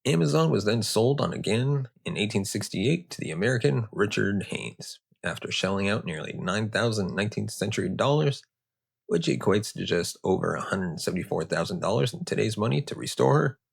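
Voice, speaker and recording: Gravelly low-voiced male history host. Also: animated, fairly quick. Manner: casual, sarcastic, riffing off-script. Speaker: podcast host. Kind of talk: history storytelling with joking asides.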